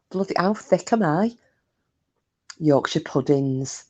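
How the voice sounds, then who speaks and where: A woman's voice: sits low, a little slow, darkish tone, highs cut off. Woman streamer just nattering to chat, swears a lot, laughs at herself. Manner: chatty, swears freely, self-mocking. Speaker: live streamer chatting with viewers. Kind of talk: casual chat with live chat.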